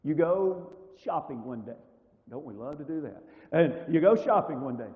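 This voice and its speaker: A man's voice: a little high, animated, normal speed, a little mellow, big-room sound, low-quality recording. A man teaching a church marriage seminar class in a conversational way, often asking the audience rhetorical questions. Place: church hall.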